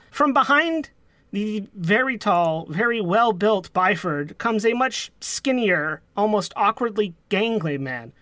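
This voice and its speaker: Bright-voiced man narrating as game master. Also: sits high, expressive, slow pace, dry recording.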